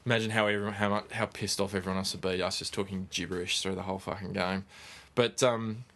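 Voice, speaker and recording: A man's voice: low-pitched, fairly even intonation, fast talker, fairly bright tone. A man hosting a casual sports podcast, chatty and swearing freely as he tells stories. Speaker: podcast host.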